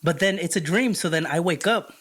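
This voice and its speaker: A man telling a story among friends in casual chat, animated and swearing freely as he acts out what people said. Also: fairly high pitch, fairly quick, slightly rough. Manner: animated, heavy swearing, retells dialogue. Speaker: podcast co-host.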